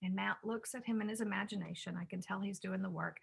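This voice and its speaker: A woman's voice: mid-range voice, steady tone, fast, vocal fry, husky. A woman who hosts a parenting show and writes on parenting, telling a personal story in an earnest, reflective way. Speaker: parenting author and podcast host.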